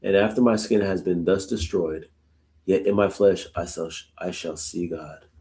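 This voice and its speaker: Male Bible study host, very low voice, reads scripture then chats about it with casual asides. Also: normal speed, darkish tone. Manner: reads verses aloud, then reflects informally; uses casual "y'all" asides. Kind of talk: live scripture reading with commentary.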